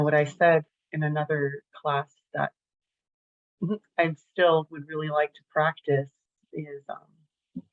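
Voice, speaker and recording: A woman's voice: deep voice, no room sound. A woman on a video call talking chattily about handling bad news at work, with small laughs and fillers. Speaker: program participant. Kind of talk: casual testimonial on a video call. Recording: dry, phone-like call audio.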